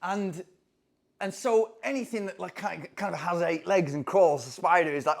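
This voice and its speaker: A man from England, a running coach telling a story in an animated, excitable way. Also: high-pitched, normal speed, vocal fry. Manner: animated, excitable, acts out voices in anecdotes. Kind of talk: casual storytelling to camera.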